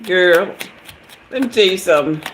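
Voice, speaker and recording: A woman's voice: fairly low pitch, lively intonation, normal speed, noisy background. A woman doing a live tarot reading, chatty and hyper, laughing often and talking to her viewers. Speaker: tarot reader.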